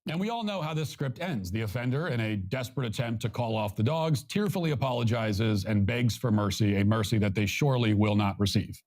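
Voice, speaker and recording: A man's voice: lowish voice, animated, brisk, few pauses, darkish tone. Man delivering scripted commentary. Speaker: commentator in a played clip.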